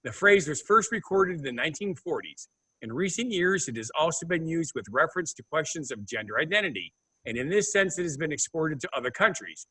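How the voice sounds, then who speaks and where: A man's voice: a little high, big pitch swings, brisk, bright, forceful tone, slightly rough. A man from the Midwest co-hosting a casual podcast, chatting and reading segments aloud. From American Midwest. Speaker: co-host.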